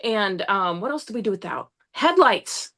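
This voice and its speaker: A young woman, a podcast guest, tells a story in an animated, casual way, rushing along and swearing now and then. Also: medium pitch. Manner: excitable, swears often, rushes through the story.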